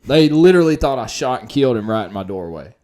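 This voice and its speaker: A man spins a wild tale in casual podcast chat, cursing freely and jumping between loud bursts and quiet asides. His pitch sits in a middle register. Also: fast talker. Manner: animated and profane, swinging loud and quiet.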